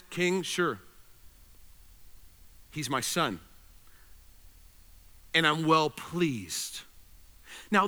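A man preaching a sermon, animated, swinging between loud emphasis and quiet intensity. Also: sits high. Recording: reverberant hall.

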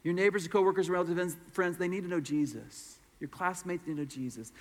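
A man's voice: high-pitched, fast. A middle-aged man pastor telling a story in a sermon, acting out the voices of the people in it. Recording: long hall reverb.

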